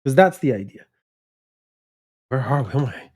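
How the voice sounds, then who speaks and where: A male English teacher talking through a vocabulary lesson at an unhurried pace. He draws words out slowly and leans on the important ones, with a voice of ordinary pitch. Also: lively intonation, a little mellow, breathy edge. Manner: slow and deliberate, stretches words out and stresses key words. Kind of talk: vocabulary lesson, thinking aloud.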